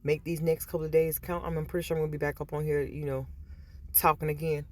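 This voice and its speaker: Speaking fast in a deep, slightly mellow voice with level intonation, this woman vlogs from a store. She chats casually and repetitively with viewers, acting out other people's lines as she retells stories.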